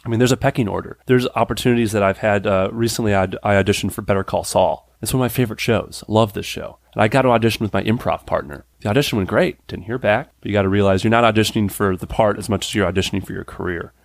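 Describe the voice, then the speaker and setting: Lively low-voiced man in his thirties. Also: rapid-fire, creaky, few pauses, no echo, studio quality. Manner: animated, acts out quoted voices with big pitch jumps; laughs often, frequent "like" fillers. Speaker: guest character actor and improviser. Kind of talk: casual podcast interview chat.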